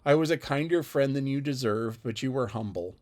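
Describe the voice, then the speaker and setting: A man voicing a spirited, witty young gentlewoman with a teasing manner. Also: medium pitch, a little fast, natural voice.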